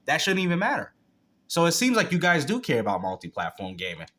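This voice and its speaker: A man's voice: on the high side, wildly swooping pitch, quick pace, sharp tone. A man hosting a reaction video, mocking and cursing in blunt, casual commentary. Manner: blunt, mocking, profane trash talk.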